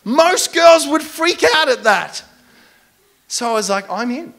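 Brief: young male pastor, high voice, animated and self-mocking in his sermon stories. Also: slow pace, vocal fry. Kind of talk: storytelling sermon.

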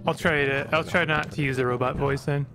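A man's voice: a little high, steady tone, fairly quick. A man streaming a video game, talking casually and apologetically with lots of fillers about his microphone. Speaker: gaming streamer. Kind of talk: casual let's-play commentary. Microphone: desk microphone.

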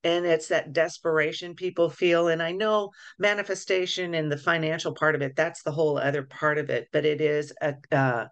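A woman's voice: low-pitched, steady tone, normal speed, few pauses. A woman co-hosting a casual podcast chat as an energy healer, thinking aloud with frequent restarts.

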